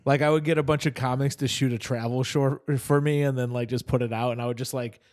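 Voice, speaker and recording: A man with a mid-pitched voice co-hosting a comedy podcast from a studio. He throws out deadpan, sarcastic quips and laughs easily at the banter. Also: fast. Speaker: podcast co-host.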